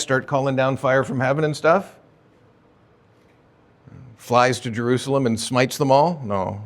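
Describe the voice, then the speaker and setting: A man's voice: medium pitch, a little slow, long pauses. A male pastor preaching an expository sermon in a conversational way, often asking rhetorical questions.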